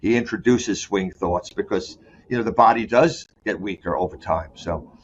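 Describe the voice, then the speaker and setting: A man's voice: fairly low pitch, a little hiss or hum. Rambling man with a dull lo-fi sound. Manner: rambling, restarts often, stresses words by slowing. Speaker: sport psychologist guest. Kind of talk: candid conversational interview.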